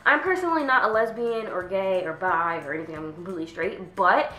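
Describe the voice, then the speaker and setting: A teenage girl venting about her pet peeves in a casual vlog, chatty, with lots of "like", sometimes mimicking people in a higher voice. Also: a little fast, sharp tone, echoey room, rough recording. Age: teens. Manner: chatty, says "like" constantly, acts out quoted people in a higher voice. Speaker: vlogger.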